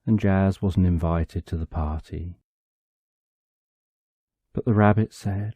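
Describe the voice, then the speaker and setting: A man narrating a bedtime story for sleep, calm and drawn out, in short phrases with long pauses. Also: low-pitched, breathy edge, no echo, lo-fi sound.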